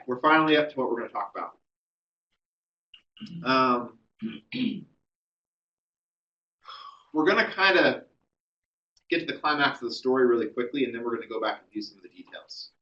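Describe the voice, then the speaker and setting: A man's voice: mid-range voice, sharp tone, recorded from a distance, lo-fi sound. A man giving a classroom history lecture, telling the story conversationally with many ums and uhs.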